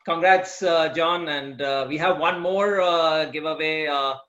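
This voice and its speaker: A man's voice: fairly high pitch, a little slow, a bit bright, muffled recording. A man on a panel chatting and teasing in casual banter.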